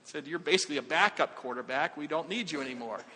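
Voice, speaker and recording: A man preaching a conversational sermon, asking the congregation questions and dropping his voice low for emphasis. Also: fast talker, pushed and bright, slightly rough. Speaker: pastor. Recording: long hall reverb.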